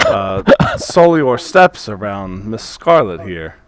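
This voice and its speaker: A man's voice: lowish voice, very animated, slow pace, crowd noise. A man doing a fawning, grovelling merchant. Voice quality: obsequious, grovelling. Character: fawning, wheedling male fruit merchant.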